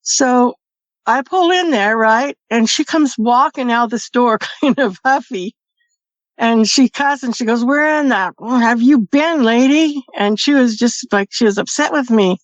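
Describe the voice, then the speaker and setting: A woman recounts a personal experience in a chatty, easygoing way, laughing between phrases. Her voice sits a little high, and the recording sounds dull and completely dry. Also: unhurried, no room sound. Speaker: podcast guest. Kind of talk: casual storytelling.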